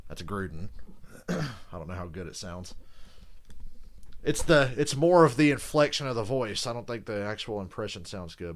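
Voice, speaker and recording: A man's voice: on the low side, very animated, moderate pace. A man hosting a casual live reaction to a football game, chatty and swearing freely. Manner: chatty, swears casually, jokes about impressions. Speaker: reaction video host.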